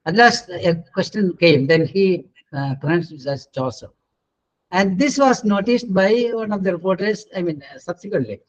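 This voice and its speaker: High-voiced Indian English teacher on a webinar. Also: male voice, moderate pace, hardly any pauses. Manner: patient, corrects students, many hesitant fillers. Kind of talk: online pronunciation class. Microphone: video call. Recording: dull lo-fi webinar audio.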